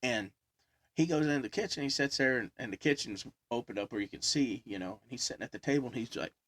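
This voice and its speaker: A man's voice: medium pitch, fast talker, a bit bright. A man telling a story in casual chat, rambling with many fillers and laughing as he talks. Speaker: podcast guest storyteller.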